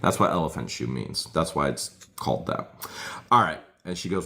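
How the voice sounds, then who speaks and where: A man's voice: a bass voice, moderate pace. A man chatting casually and recounting a court hearing, quoting other people as he goes. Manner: animated, quotes others in put-on voices. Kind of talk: casual chat.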